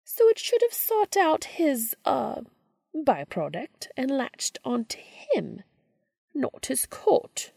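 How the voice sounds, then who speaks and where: A woman's voice: sits high, wildly swooping pitch, creaky, mellow, slightly rough, no echo, studio quality, pitched above the performer's own voice, heavily acted. A woman doing a sly smirking witch. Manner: slow, sly, drawn-out. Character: smirking scheming female witch.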